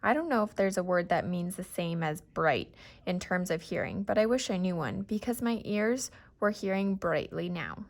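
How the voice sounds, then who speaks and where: A woman reading a novel aloud in a steady first-person storytelling manner. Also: fairly low pitch, moderate pace. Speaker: reader. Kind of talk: audiobook narration.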